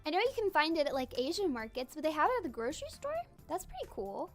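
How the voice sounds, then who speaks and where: A woman's voice: high-pitched, very animated, fast talker, soft background music. A young woman streamer chatting casually while drawing, giggly and full of fillers. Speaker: streamer and virtual idol voice actor.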